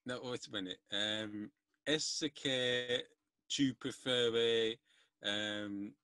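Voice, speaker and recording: Man, podcast host, very slow, bright tone, halting, searching for words. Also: mid-range voice, steady tone, clear, resonant tone. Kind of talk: casual interview chat.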